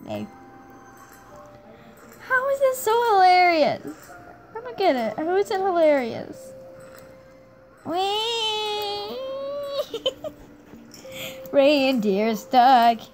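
A young woman giving excited gameplay commentary, giggling and squealing with delight as she plays. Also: extremely high pitch, drawn-out words, pauses often, rough recording. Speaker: gaming video creator. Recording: game music playing behind.

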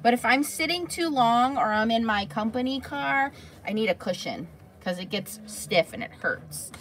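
A woman's voice: fairly high pitch, animated, moderate pace, a bit bright, slight background noise. A woman hosting a crafting livestream, chatting casually and answering viewers' comments by name.

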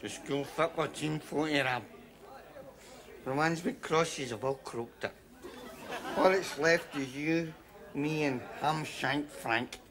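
An actor playing a gloomy, gullible drinking pal with a gravelly voice in a sitcom. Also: male voice, fairly high pitch, slow pace, pauses often, a crowd in the background.

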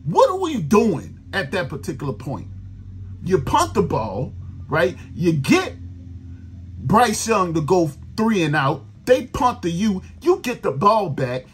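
A man's voice: high-pitched, sing-song, takes it slowly, slight background noise. A man, hosting a sports podcast, venting in a profane, exasperated rant about his team. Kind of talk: angry fan rant.

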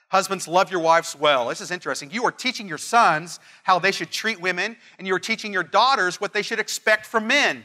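A man's voice: sits high, fairly quick, few pauses, sharp tone. A middle-aged man preaching a sermon, earnest and emphatic, repeating key phrases and telling family stories. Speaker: pastor.

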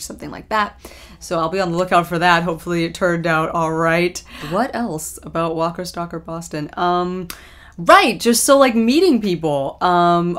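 A young woman vlogger chatting casually through a recap, rambling with lots of ums and likes and quick laughs. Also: lowish voice.

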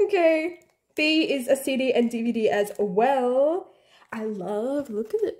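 A young woman vlogger unboxing albums in a room at home, gasping and gushing, often dropping to breathy half-whispered squeals. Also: a little high, animated, measured pace, a little mellow. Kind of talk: excited unboxing chat.

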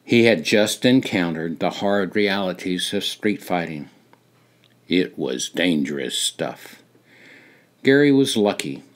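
An older man reading his own memoir aloud, slow and deliberate, rising for dramatic moments and dropping to a hush. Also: sits low, lively intonation. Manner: slow, deliberate storytelling with dramatic rises and hushed drops. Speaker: memoir narrator.

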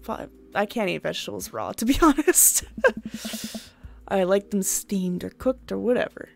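A woman's voice: medium pitch, lively intonation, normal speed, creaky, darkish tone, faint music behind. A young woman streaming a dating game, rambling chattily between dialogue lines, laughing and swearing often. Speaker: gaming streamer. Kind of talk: let's play commentary.

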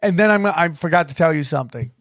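Man, podcast host, high voice, animated storytelling, dry close sound. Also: fast, dry recording. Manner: animated storyteller, restarts often. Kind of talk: casual storytelling chat.

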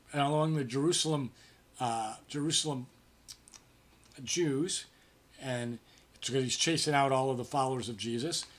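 Conversational pastor, man, slightly high voice. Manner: conversational, frequent "okay?" check-ins; acts out quoted speech with livelier pitch. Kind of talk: devotional Bible teaching.

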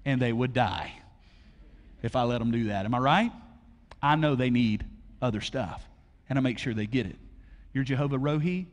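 Preacher, energetic and conversational. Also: male voice, medium pitch, normal speed, long pauses. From Alabama, USA. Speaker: pastor. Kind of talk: sermon. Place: large church auditorium. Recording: long hall reverb.

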